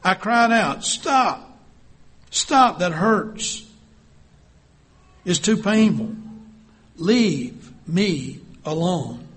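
A man voicing a suffering female clay teacup who cries out in high pleading bursts. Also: animated, a little slow, pushed and bright, husky, heavily acted.

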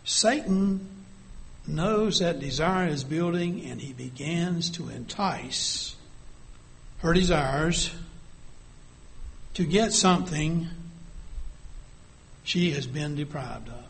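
Slow, deliberate male preacher. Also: a little high, vocal fry. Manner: deliberate, drops to a hush for vivid scenes, rises when reading scripture. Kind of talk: sermon.

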